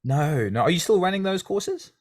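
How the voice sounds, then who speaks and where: A man's voice: high-pitched, sing-song, moderate pace. Friendly South African-born male podcast host. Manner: friendly, chatty questioning. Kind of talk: casual interview chat.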